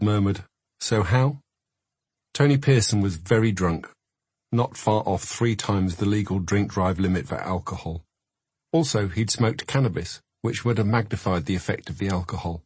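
A man reads a memoir aloud in a measured, reflective way, his voice low and a little husky. The recording is dry and close, like a studio booth. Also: a little mellow, no room sound. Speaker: narrator. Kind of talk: memoir audiobook narration.

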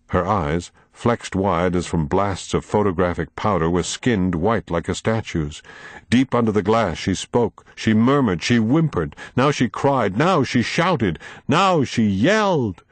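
A man narrating an audiobook in a dramatic, measured storytelling manner, close to the mic. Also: fairly low pitch, animated, no room sound.

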